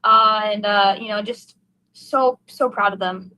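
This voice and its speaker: A woman's voice: medium pitch, fairly even intonation, a little slow, sharp tone, low-quality recording. A young woman race driver in an emotional post-race interview, gushing and heartfelt, rambling with fillers.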